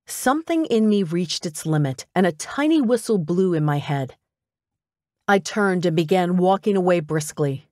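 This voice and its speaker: A woman reading a first-person audiobook in an expressive, conversational way. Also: fairly low pitch, normal speed, no room sound, clean studio sound. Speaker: audiobook narrator.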